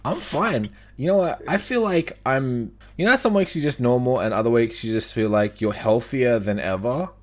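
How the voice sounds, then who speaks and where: Lively teasing man on a podcast. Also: medium pitch, moderate pace, hardly any pauses. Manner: joking, teasing, swears freely. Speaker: podcast co-host. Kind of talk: casual podcast chat.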